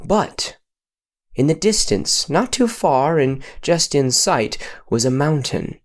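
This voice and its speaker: A man improvising a silly story with playful, mock-solemn narration and sudden pitch jumps. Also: lively intonation, slow.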